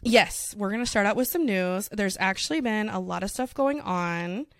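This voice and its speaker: A young woman co-hosts a podcast in casual chat, chatty and quick to laugh, filling her speech with "like." Her voice is mid-range and the recording is dry.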